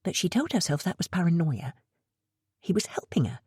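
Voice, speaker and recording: A woman with a deep, low-set voice reads a suspense novel aloud in a steady, measured delivery. The sound is close and completely dry, with no room around it. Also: breathy edge, no room sound. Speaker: audiobook narrator. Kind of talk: scripted thriller narration.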